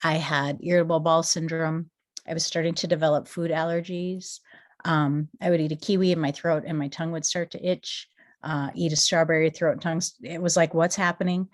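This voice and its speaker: A woman in her forties from Minnesota, giving an earnest, emotional testimony as a guest speaker and rising into excited rhetorical questions. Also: low voice, fairly quick. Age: 40s. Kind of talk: motivational company testimony.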